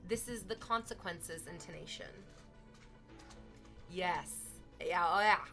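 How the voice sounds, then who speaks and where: A woman's voice: on the low side, slow pace, music in the background. A woman streaming from home, chatting casually with viewers in a playful, teasing way, swearing freely.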